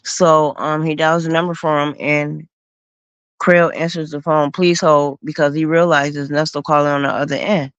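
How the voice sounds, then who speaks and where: A woman hosting a stream, slowly recounting events in a casual storytelling manner. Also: low voice, little pitch movement, clear, resonant tone, no room sound, muffled recording. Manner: slow, recounting events with acted quotes. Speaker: host.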